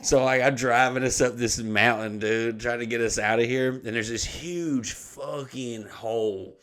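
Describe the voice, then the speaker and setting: At a medium pitch and a measured pace, a man recounts a rowdy story on a podcast. It is casual and profane, animated, with free swearing and bursts of laughter.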